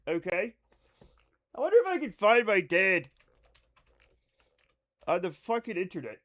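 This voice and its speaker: Bright, high-voiced male streamer. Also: big pitch swings, a little slow. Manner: rambling, swearing, chatty asides to chat. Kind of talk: casual live-stream chat with viewers.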